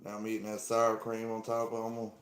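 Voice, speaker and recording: A man's voice: on the low side, monotone, fast. A man chatting loosely with viewers on a live stream, often repeating himself. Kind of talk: casual live stream chat. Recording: echoey room, faint noise.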